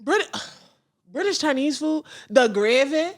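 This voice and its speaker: High-voiced woman ranting with profane humor. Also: lively intonation, slow. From United States. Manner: loud, profane, laughing through rants. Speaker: podcast co-host. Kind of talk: casual comedic rant.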